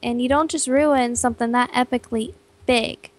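A young woman with a high voice trades casual banter while playing a game with a partner. She grumbles and sulks, teasing back flatly. The sound is close and dry. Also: moderate pace, no echo. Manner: sulky, grumbling. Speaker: co-op player.

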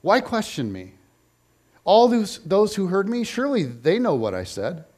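A man reading a calm, steady male teacher. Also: high voice, unhurried, voice pushed up, exaggerated voice. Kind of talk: scripture reading.

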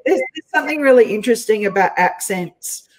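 A woman's voice: on the high side, lively intonation, a little fast, rough recording. A woman with an Australian accent, hosting an interview in a chatty, playful way and laughing often. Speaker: host. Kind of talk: casual interview chat.

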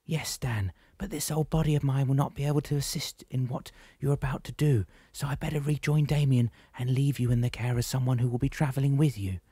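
A man puts on a frail old woman guide with a raised, soft and slightly distant voice. She is cryptic and quiet, read in a dry audiobook recording. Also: mid-range voice, fairly even intonation, a little fast, hardly any pauses, slightly rough, dry recording, voice pushed up, lightly acted. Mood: gentle cryptic.

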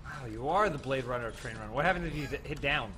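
A man's voice: medium pitch, lively intonation, pushed and bright, faint music behind. A man co-hosting a gaming livestream, riffing and joking in casual banter. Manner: joking, riffing, quick comebacks. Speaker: livestream co-host.

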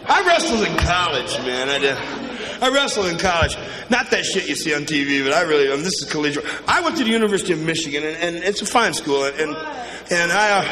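A male stand-up comedian, high-pitched and lively, tells crude, profane stories full of quoted voices. He's performing a set at a comedy club to a live audience, captured in a live recording with crowd noise and reverb.

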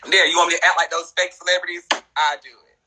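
A man's voice: fairly high pitch, little pitch movement, pushed and bright, a little hiss or hum, rough recording. A man ranting bluntly and profanely on a phone livestream. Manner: blunt, profane, fast-talking rant. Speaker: social media personality.

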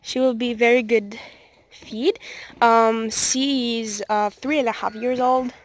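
A teenage girl talks slowly into her phone with a slightly high voice, gushing and halting as she repeats herself. Faint noise sits behind her. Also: steady tone. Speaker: vlogger. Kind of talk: casual excited vlog.

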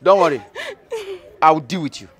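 A man's voice: fairly high pitch, brisk, a bit bright, lightly acted. A man playing a cruel, spiteful husband who threatens his pregnant wife, taunting with mocking questions. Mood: menacing. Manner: taunting, menacing, tag questions "eh?". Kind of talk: web skit drama acting.

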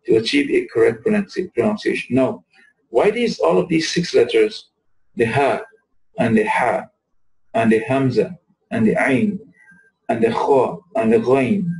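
A man teaching an Arabic lesson, patiently repeating words slowly to show how the sounds are made. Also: medium pitch, gravelly, a little mellow, poor audio. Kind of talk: recorded lesson.

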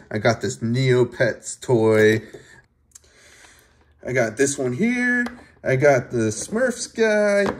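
A man casually showing off his toy collection, giggling often and talking haltingly with many fillers and restarts. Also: mid-range voice, a little mellow, slight background noise. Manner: giggly, laughs often between phrases. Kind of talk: casual show-and-tell video.

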